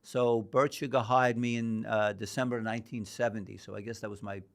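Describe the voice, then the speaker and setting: Older male podcast guest, low-pitched, rambling anecdotal storyteller. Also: steady tone, brisk. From New York. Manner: rambling anecdotal storyteller, acts out quoted dialogue. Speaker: guest, boxing historian.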